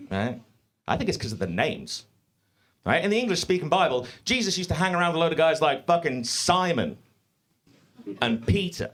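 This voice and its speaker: A man doing a live stand-up set in a comedy club, profane and animated, speaking into a stage mic. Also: on the high side. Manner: profane, animated, mock-confident.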